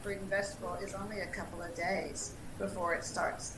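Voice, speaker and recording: A Southern-accented dietitian from Tennessee, the featured speaker on a casual livestream, gives upbeat, chatty advice and laughs often. Her medium-pitched voice is flat in delivery and a little fast. The sound is reverberant, with background noise.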